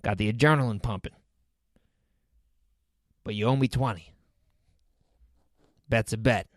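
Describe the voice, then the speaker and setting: A man's voice: on the low side, unhurried, no room sound, clean studio sound, pitched below the performer's own voice, close to an everyday voice. A man voicing an eccentric, cheerful seventy-year-old man in a friendly, matter-of-fact way while telling a story.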